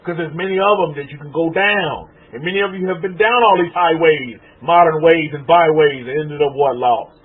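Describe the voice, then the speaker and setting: Animated preaching man, tinny phone-like sound. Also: fairly high pitch, normal speed, breathy edge. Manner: animated preaching with repetitions and call-outs to "family". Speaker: rabbi. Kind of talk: sermon.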